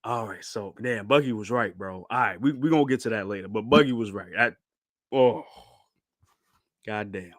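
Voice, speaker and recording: A man reacting to a comic chapter on stream, excited and slangy, often bursting into disbelief. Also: on the low side, moderate pace. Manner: animated, slangy, keeps shouting and laughing in disbelief.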